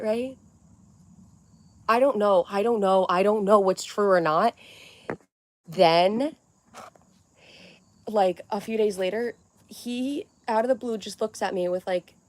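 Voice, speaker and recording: Young woman streamer, mid-pitched, loose rambling chat with viewers, cursing casually; dry close-mic sound. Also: unhurried, long pauses, a little mellow, dry recording. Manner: rambling, reads chat aloud, swears freely. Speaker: livestream host.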